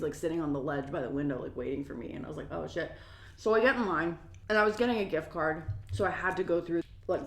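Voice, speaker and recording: A young woman, ranting through a casual storytime, profane and full of "like" fillers. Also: lowish voice. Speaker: mukbang vlogger. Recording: roomy echo.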